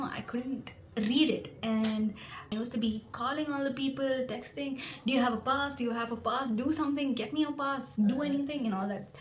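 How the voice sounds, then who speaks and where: A woman's voice: on the high side, reverberant, a little hiss or hum. A young woman vlogger telling a personal story in a casual way, acting out the voices of people she quotes. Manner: animated, acts out quoted dialogue.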